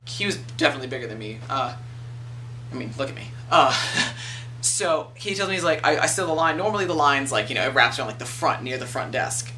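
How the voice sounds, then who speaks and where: Young man, early twenties, animated vlog storyteller, bright tone, slightly distant mic with faint hum. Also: fairly high pitch. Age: 20s. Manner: animated, swears freely, acts out quoted people. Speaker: video blogger. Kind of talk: casual storytelling rant.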